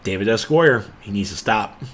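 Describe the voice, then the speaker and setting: A man co-hosting a game podcast, talking in an animated, emphatic, rambling way. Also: lowish voice, moderate pace, a little hiss or hum. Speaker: podcast co-host. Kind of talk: casual podcast chat.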